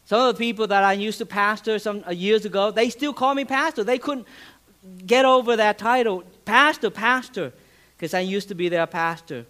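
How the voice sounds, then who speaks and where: As a pastor, a man preaches an earnest sermon, restarting phrases and letting his voice rise and fall for emphasis. It's a high, fairly bright voice delivered fairly quickly.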